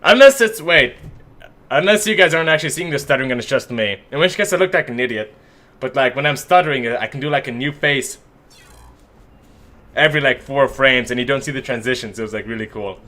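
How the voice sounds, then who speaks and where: A man casts a live esports match and chats with his stream viewers. He talks in a loose, joking way and pokes fun at himself. His voice sits at an ordinary middle pitch for a man. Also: expressive, a little fast, bright, forceful tone. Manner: joking, self-mocking, chatty.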